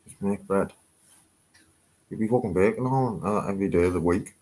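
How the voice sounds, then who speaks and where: A man's voice: deep voice, normal speed. Brash, sweary Teesside man. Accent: Teesside English. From Northeast England. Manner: swears a lot, brash and animated. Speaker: livestream host. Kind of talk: casual live-stream chat. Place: house loft.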